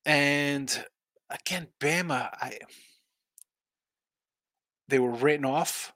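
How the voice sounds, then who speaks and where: A tired man hosts a live sports betting stream, yawning between picks and rambling along in a casual way. His voice has a bright, forward edge. The mic is close and dry, with no room sound. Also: a little high, extremely slow, dry recording. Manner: rambling, reads viewer chat aloud. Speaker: sports betting show host.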